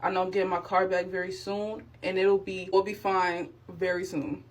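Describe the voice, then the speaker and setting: Young adult woman vlogger, lively storyteller, plays her own reactions, earnest about faith. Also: on the low side, moderate pace. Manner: animated, acts out her own reactions and quotes; sincere, speaks of faith. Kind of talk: casual storytime testimony.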